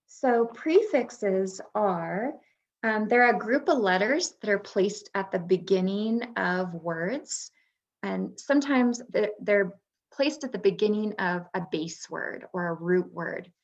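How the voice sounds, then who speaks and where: A woman's voice: medium pitch, lively intonation, slow, highs cut off. A woman, a former third grade teacher, explaining reading skills to parents in a patient presentation with frequent ums. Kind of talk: instructional webinar presentation.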